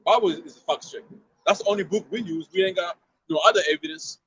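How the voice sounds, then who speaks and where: A man's voice: sits high, fast talker, vocal fry, a bit bright, slightly rough, muffled recording. A man street preaching outdoors to a passer-by, emphatic and slangy, often repeating himself and asking if you see what he means.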